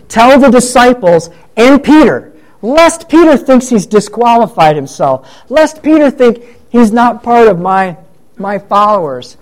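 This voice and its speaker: A high-voiced man preaching in a relaxed, conversational way. He retells the story and slips into the voices of the people in it as he goes. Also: poor audio. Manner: conversational, acts out quoted voices. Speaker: pastor. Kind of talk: sermon.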